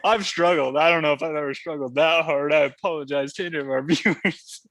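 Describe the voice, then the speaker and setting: Young man, podcast co-host, laid-back joking drawl, bright voice. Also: a little high, steady tone, brisk. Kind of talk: casual chat.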